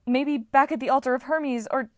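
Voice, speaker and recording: A woman's voice: sits high, normal speed, no room sound, studio quality, voice pushed up, natural voice. A woman reading aloud, voicing a determined teenage girl who pleads and insists.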